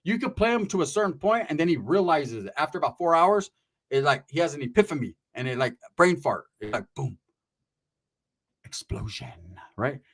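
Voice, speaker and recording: A middle-aged man telling a comic story in a profane, animated way, acting out the voices of others. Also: on the high side, moderate pace, slightly rough.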